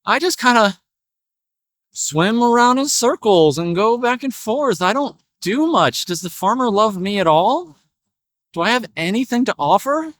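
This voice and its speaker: A man's voice: high voice, animated, unhurried, a bit bright, dry recording, studio quality, pitched above the performer's own voice. A man voicing a sad little male pet fish who asks plaintive, self-pitying questions.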